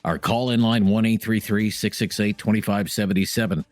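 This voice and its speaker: A man hosting a radio call-in show, briskly steering callers with short acknowledgments. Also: fairly low pitch, fairly even intonation, a little mellow, no room sound, soft background music. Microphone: studio microphone.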